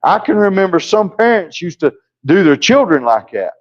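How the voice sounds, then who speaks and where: A man's voice: high voice, big pitch swings, normal speed. A male pastor preaching a sermon in a church, folksy and down-home, with plain asides to the congregation. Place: church sanctuary. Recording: muffled lo-fi church recording.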